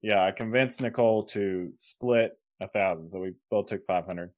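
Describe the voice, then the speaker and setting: Lowish guy rambling on a podcast, chuckles as he talks. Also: moderate pace. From Kansas. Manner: rambling, laughs mid-sentence, restarts a lot. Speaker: podcast co-host. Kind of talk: casual chat.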